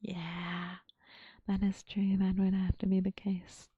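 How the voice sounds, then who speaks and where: A woman chatting with viewers in a soft, breathy ASMR whisper. She talks slowly and murmurs, often repeating her phrases. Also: medium pitch, completely flat delivery, no echo, dull audio. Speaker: ASMR streamer. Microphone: close mic.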